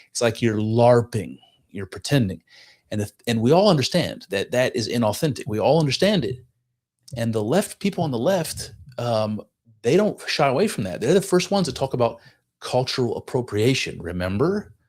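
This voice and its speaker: Lower-voiced rambling podcast co-host man. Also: darkish tone. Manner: rambling, many restarts and fillers, earnest. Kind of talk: casual chat.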